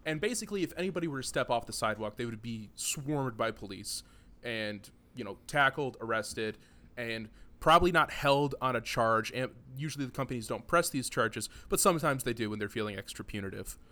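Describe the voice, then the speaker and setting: A man's voice: mid-range voice, expressive, brisk, bright, forceful tone. Joking man hosting a podcast. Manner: joking, rambling, laughs often. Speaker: podcast host. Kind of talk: casual podcast chat.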